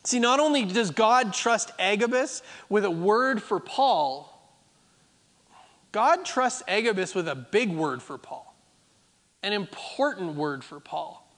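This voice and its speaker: A man's voice: high voice, expressive, slow pace, a bit bright, long reverb tail. A man preaching a sermon as pastor, driving points home by repeating phrases. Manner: emphatic, repeating phrases for effect.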